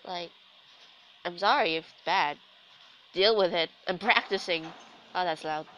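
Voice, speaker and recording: Her voice sits on the low side and comes across fairly bright, moving a little slowly. A young woman with a sick-day sore throat, she commentates a video game in a relaxed let's-play style, chatty, sarcastic, and quick to poke fun at herself. The rough recording has some hiss or hum.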